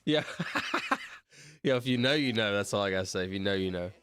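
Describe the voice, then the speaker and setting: A man's voice: on the low side, a little fast, fairly bright tone. A young man streaming, chatting casually in a rambling, slangy way and calling people bro. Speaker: streamer counting out loud. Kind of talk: casual livestream chat.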